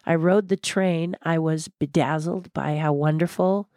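Older woman guest, low-pitched, dry close sound, outspoken and passionate. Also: measured pace, no room sound. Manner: passionate, blunt, animated storyteller. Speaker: guest, former theme park designer. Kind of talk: candid interview conversation.

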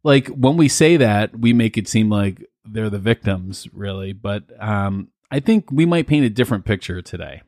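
A man co-hosting a casual podcast, easygoing, leading the chat with quick agreeing replies. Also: lowish voice, expressive, a little mellow, dry recording, studio quality. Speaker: podcast co-host.

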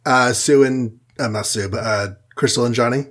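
A man co-hosting a casual podcast, recapping a comic book issue with quick silly voices for the characters. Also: mid-range voice, fairly bright tone.

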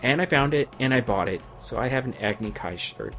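A man's voice: medium pitch, expressive, a little fast, fairly bright tone. A man co-hosting a casual gaming podcast, rambling and chatty, his voice wearing out. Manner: rambling, chatty, laughs often. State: losing his voice. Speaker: podcast co-host.

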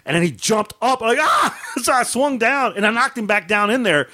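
A man telling a story in a casual podcast chat, animated and laughing often as he acts out the scenes. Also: high-pitched, a little fast. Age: adult with a wife and dogs. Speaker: podcast co-host.

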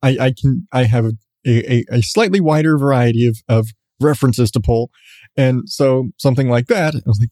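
A man's voice: medium pitch, moderate pace, warm tone, no room sound, studio quality. A man, host of a podcast, telling a story in a rambling, self-mocking way with frequent restarts. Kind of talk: casual storytelling.

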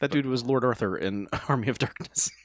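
A man's voice: mid-range voice, a little fast, no room sound. A man co-hosting a podcast, making dry, wry remarks while discussing a movie. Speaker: podcast co-host. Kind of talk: casual movie recap chat.

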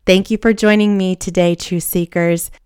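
A woman's voice: on the low side, fairly even intonation, moderate pace, clear, resonant tone, dry recording, studio quality. A woman giving an earnest, encouraging Bible lesson for children, leading them in repeating a verse and closing with a prayer. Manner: gentle, earnest, encouraging, leads call-and-response.

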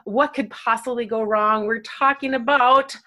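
A woman's voice: fairly high pitch, moderate pace. A woman hosting a podcast in a casual, self-deprecating chat. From Minnesota. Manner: chatty, self-deprecating, lively asides. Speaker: podcast host.

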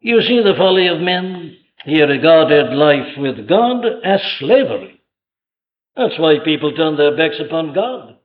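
A man's voice: on the high side, big pitch swings, unhurried. A man preaching a sermon with emphatic delivery, rhetorical questions and vivid retelling of stories. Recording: dull lo-fi old sermon tape.

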